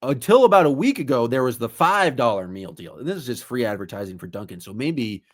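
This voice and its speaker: A man co-hosting a casual podcast, talking in an animated, comic ranting way. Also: mid-range voice, fast talker. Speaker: podcast co-host.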